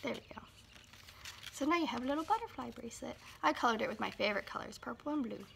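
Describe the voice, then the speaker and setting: Gravelly-voiced woman reading a children's story. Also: on the high side, lively intonation, background noise. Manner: slow, sing-song storytime delivery with drawn-out words. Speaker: children's librarian. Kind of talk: reading a picture book aloud to children.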